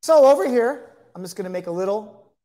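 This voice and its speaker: A man's voice: high-pitched, expressive, brisk, dark tone. A man teaching an informal Bible lesson to camera, conversational, with chatty asides and repeated phrases.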